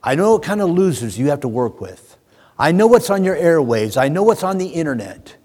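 God talking firm to believers - a preacher doing it mid-sermon, echoey hall. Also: male voice, fairly high pitch, very animated, fairly quick, a little mellow, pitched above the performer's own voice. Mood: admonishing. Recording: long hall reverb.

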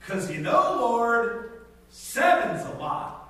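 A man voicing the apostle Peter as a grown man who is exasperated and whiny about forgiving, in a high, strained, pleading voice. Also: sing-song, takes it slowly, bright, forceful tone, heavily acted. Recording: echoey hall, distant mic, faint noise.

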